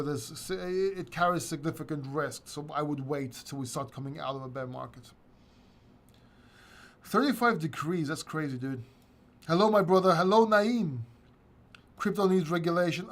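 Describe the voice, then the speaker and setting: A male crypto livestream host with a slightly higher-pitched voice chats loosely with his viewers. He reads their questions aloud and answers in a relaxed, off-the-cuff way, full of "you know" and restarts. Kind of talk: casual live-chat Q&A.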